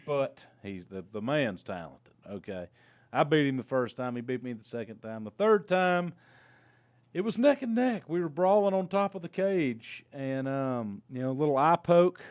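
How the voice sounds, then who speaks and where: A young man co-hosting a casual podcast, telling road stories with animated energy and frequent laughs. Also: fairly low pitch, no room sound. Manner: animated storyteller, laughs often. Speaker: podcast co-host and indie wrestler.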